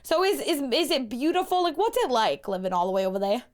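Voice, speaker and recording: Podcast host, woman, 30s, bubbly and exclamatory, high bright register with lots of pitch movement. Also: big pitch swings, quick pace. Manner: bubbly, laughs often, exclamatory. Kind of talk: casual podcast chat.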